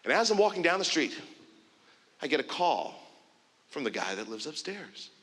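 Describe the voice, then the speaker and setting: Bright-voiced man telling a keynote story. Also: a little high, moderate pace. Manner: animated storytelling, acts out dialogue. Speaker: keynote speaker. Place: conference stage in a large hall. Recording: long hall reverb.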